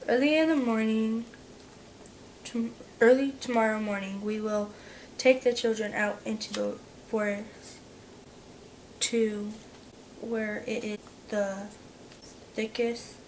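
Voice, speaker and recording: A woman's voice: a little high, fairly even intonation, slight background noise, rough recording. A woman reading a cold, scheming stepmother. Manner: slow, halting, quiet reading that drops to a whisper. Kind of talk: read-aloud story role.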